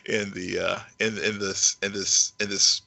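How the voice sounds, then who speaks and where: A man co-hosting a podcast, talking casually with halting repeats while summing up a show. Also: fairly low pitch, little pitch movement, creaky, bright, forceful tone, no room sound, rough recording. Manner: halting, repeats words, summarizes plots. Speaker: podcast producer and co-host. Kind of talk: casual review chat.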